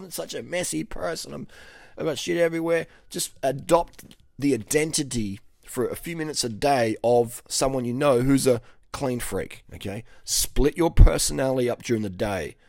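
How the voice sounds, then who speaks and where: A man coaching in a blunt, profane, casual monologue that swings between loud and quiet. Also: mid-range voice, animated, normal speed, no echo, clean studio sound. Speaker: fitness coach.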